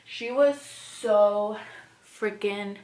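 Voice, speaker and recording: A woman's voice: mid-range voice, very slow, a little mellow, a little hiss or hum. A young woman vlogger telling a story in casual chat, rambling with lots of "like" and "you know" fillers. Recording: echoey room.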